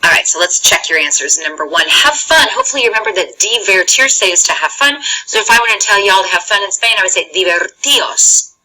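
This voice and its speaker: A woman's voice: mid-range voice, expressive, fast, hardly any pauses, bright, forceful tone, low-quality recording. A woman teaching a Spanish lesson in a chatty, encouraging way, explaining step by step and checking in often. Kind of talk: recorded classroom lesson.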